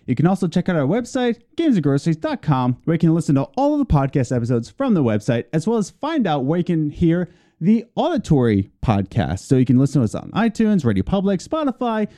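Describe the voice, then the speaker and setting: Man co-hosting a laid-back podcast, goofy and teasing, voice slightly high and swinging up and down a lot, soft warm tone. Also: huge pitch swings, brisk, few pauses. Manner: playful, teasing asides. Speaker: podcast co-host. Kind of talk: casual podcast chat.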